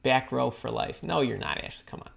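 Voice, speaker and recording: A woman recruiter and career coach hosting a live-stream Q&A, chatty and energetic, greeting viewers by name and telling stories. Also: a bass voice, a little fast, creaky.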